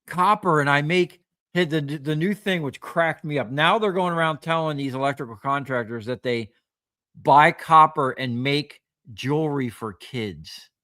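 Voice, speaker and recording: A man's voice: on the high side, moderate pace, bright, forceful tone, no echo, clean studio sound. A man, a scrap metal recycler, telling rambling anecdotes on a livestream, full of fillers and quoted dialogue. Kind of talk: casual storytelling on a livestream.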